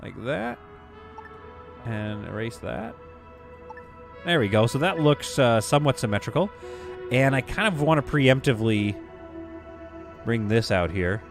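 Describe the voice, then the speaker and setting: A man's voice: medium pitch, expressive, unhurried, creaky, pauses often, over music. A man casually talking through a game on a live stream, reading viewer comments aloud. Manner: casual, chatty, reads chat aloud.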